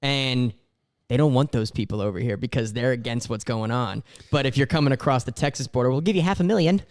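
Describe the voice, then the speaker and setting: A man's voice: medium pitch, fairly quick, darkish tone. A man co-hosting a podcast, talking in a laid-back, jokey, slangy way. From Florida. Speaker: podcast co-host. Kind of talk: casual chat.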